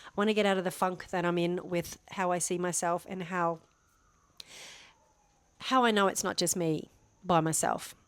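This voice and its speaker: A middle-aged woman rambles cheerfully into a home microphone, self-deprecating and chatty. Her voice sits on the low side. The sound is close and dry. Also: no room sound. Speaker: vlogger, former teacher. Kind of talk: casual talking-head vlog. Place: home near a main road. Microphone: microphone on a stand facing her, camera turned away.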